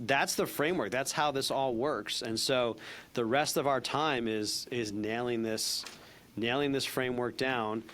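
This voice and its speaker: A man teaching a sales training session in a casual, animated way, acting out bits of phone calls. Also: mid-range voice, a little hiss or hum.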